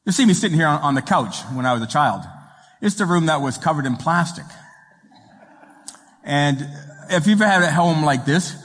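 A man preaching a sermon as a guest pastor, telling jokes and stories with halting restarts. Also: on the high side, animated, fairly bright tone, long reverb tail. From raised in an Italian home. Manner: joking storyteller, halting restarts. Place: church sanctuary.

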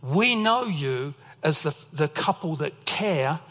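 A man's voice: on the high side, expressive, slow pace, a bit bright, in a large hall. A man preaching a sermon as pastor, telling personal stories as testimony. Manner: storytelling, emotional testimony.

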